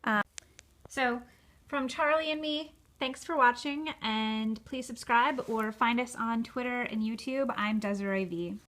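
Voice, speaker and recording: A woman's voice: a little high, a little slow, a bit bright. A young woman talking casually in a home video, chatty and full of fillers, who slips into baby talk with her dog. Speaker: vlogger. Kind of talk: casual vlog. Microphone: phone camera.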